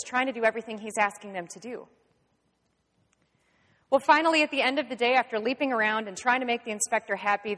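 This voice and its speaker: Woman teacher retelling a story for a class, lively delivery, echoey room. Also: on the high side. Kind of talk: storytelling lesson.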